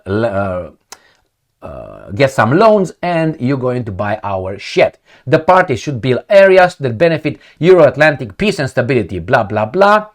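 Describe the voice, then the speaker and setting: An irritated man reads news articles aloud and rips into them, swinging his voice up and down as he talks. His tone stays sarcastic and profane, and he speaks straight to his audience as a solo commentator. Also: fairly high pitch. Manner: angry, sarcastic, ranting; profane, addresses viewers directly. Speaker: political commentator.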